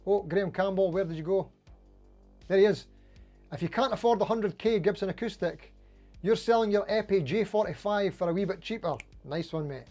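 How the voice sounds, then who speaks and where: A man's voice: on the high side, darkish tone. A man hosting a casual livestream, greeting viewers by name and reading out their comments in a chatty, friendly way, often saying "mate" and "anywho". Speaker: livestream host.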